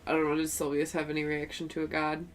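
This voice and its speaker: A woman playing a tabletop game, describing her character's actions in an animated, giggly way. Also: deep voice, quick pace, slight background noise. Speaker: player. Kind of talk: tabletop role-play chat.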